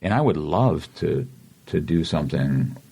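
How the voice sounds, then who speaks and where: A man's voice: very deep voice, a little slow, vocal fry, slightly rough. A man in his forties with a Boston accent, an actor chatting as an interview guest and acting out the lines he quotes. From Massachusetts. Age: 40s. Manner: animated storyteller, acts out quotes. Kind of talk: casual interview chat.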